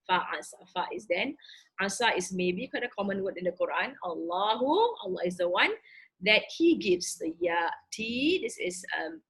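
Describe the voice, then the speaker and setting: A woman teaching a recorded grammar lesson, explaining terms word by word in a halting way with frequent fillers. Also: on the low side, a bit bright, slightly rough, poor audio. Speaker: Quranic Arabic teacher.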